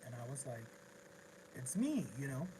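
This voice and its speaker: A man's voice: mid-range voice, sing-song, moderate pace, mellow, slightly rough, poor audio. A man vlogging in a casual livestream, rambling through an emotional story with lots of restarts.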